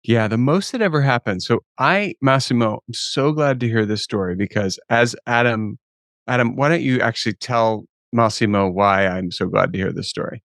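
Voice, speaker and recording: A man co-hosting a podcast in casual banter, jokey and animated, often laughing. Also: mid-range voice, normal speed, no echo, clean studio sound. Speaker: podcast co-host.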